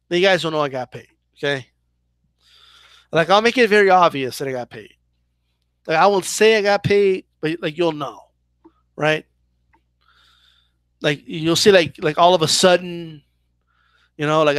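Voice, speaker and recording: This boxing channel host has a fairly high, slightly bright male voice with a clean tone and no room sound. He runs a loose, chatty live Q&A, answering viewer questions with plenty of "like" and "right?".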